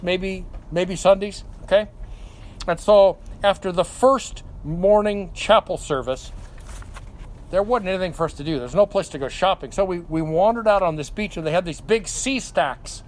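An older man preaching a Bible teaching sermon in a conversational way, often asking "okay?" and correcting himself mid-phrase. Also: high voice. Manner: conversational, frequent "okay?" check-ins and self-corrections. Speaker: pastor.

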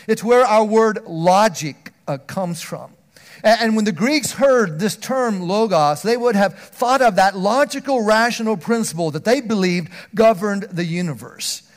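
A man preaching a sermon, earnest, often restarting words, swinging from loud emphatic stretches down to a near hush. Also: high-pitched, expressive, measured pace.

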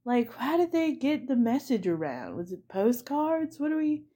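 A woman's voice: high voice, big pitch swings, moderate pace, mellow, breathy edge. A young woman hosting a comedy podcast, recapping a movie in a rambling, giggly way with lots of fillers. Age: young adult. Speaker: podcast host.

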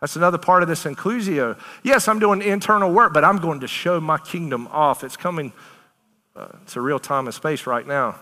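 A man's voice: on the high side, normal speed, in a large hall. A man preaching a sermon to a congregation, emphatic and conversational, talking in a casual, down-to-earth way. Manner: animated, emphatic, conversational preaching with Southern turns of phrase.

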